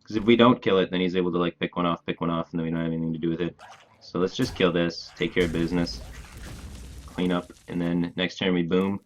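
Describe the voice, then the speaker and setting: Low-voiced man streaming a card game. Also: fairly even intonation, slight background noise. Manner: thinks aloud, plans moves in quick bursts; laid-back, talks to his chat casually. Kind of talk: live gameplay commentary.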